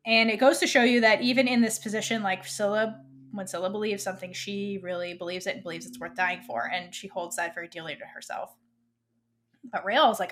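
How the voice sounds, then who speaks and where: A woman co-hosting a fan podcast, retelling a TV episode in a casual, animated way and quoting the characters' lines. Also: mid-range voice, moderate pace. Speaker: podcast co-host.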